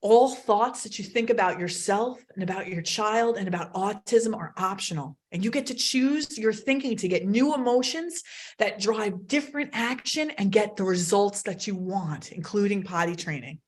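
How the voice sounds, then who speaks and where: A woman's voice: mid-range voice, moderate pace. A woman coaching parents in a live online workshop, talking bluntly and emphatically and swearing freely. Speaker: autism potty training coach.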